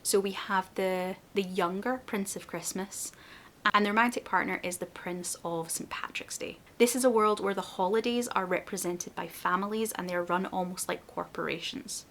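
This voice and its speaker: A woman's voice: mid-range voice, fairly even intonation, normal speed, fairly bright tone, slight background noise. A woman reviewing books in a casual vlog, candid and exasperated. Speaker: book reviewer.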